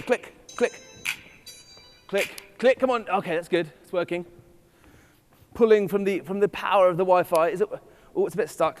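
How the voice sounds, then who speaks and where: A man with an English accent giving a keynote talk to a live audience, playful and self-mocking in his asides. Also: high-pitched. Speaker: conference speaker. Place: festival stage in a large hall. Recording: long reverb of a large hall.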